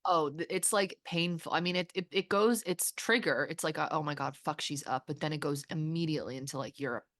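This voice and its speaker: A woman hosting a podcast, talking candidly and swearing freely, with halting restarts. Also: sits low, fairly bright tone, dry recording, clean studio sound. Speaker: podcast host. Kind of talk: candid therapy-style conversation.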